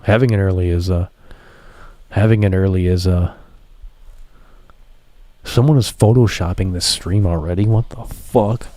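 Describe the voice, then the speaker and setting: A man chats casually on his livestream, rambling, swearing freely and speaking to his viewers. His warm voice sits low, moving at normal speed with frequent pauses, and the recording is dry.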